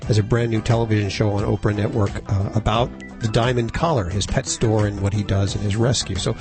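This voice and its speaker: Radio host guy, chill and chatty, some music playing low behind him. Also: fairly quick. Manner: relaxed, conversational, with fillers. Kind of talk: radio show hosting.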